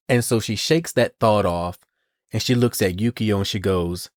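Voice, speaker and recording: A man's voice: lowish voice, moderate pace, darkish tone, no room sound, studio quality. A man hosting a podcast, casually retelling a comic story in a chatty style and acting out the characters' lines. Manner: chatty storytelling, retells scenes with "and she goes". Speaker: podcast host. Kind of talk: casual comic-book recap.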